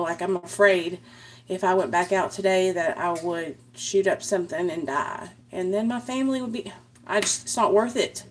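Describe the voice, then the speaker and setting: A young woman and mother talking candidly to viewers in a live video, rambling with lots of "like" and "you know". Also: medium pitch. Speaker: mother sharing her recovery in a live video. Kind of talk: candid casual live chat.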